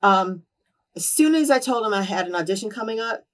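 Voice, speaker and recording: A woman in her twenties as an interview guest, telling candid stories with lively quoted voices and frequent swearing. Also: mid-range voice, a little fast, far from the mic. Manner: animated, acts out quoted voices, swears freely. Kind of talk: candid storytelling in a shoot interview.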